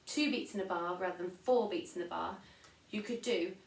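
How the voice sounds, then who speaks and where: A woman's voice: fairly low pitch, moderate pace, gravelly, distant mic. Woman teaching music in an echoey room. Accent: English. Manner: patient, demonstrates by singing and counting aloud. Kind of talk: recorded online music lesson.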